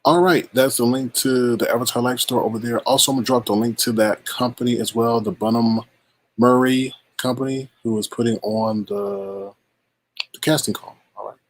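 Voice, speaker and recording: A man's voice: lowish voice, slight background noise. A man hosting a casual livestream, talking loosely to his chat, repeating himself and greeting viewers. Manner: loose, repetitive, talks straight to chat. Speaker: livestream host.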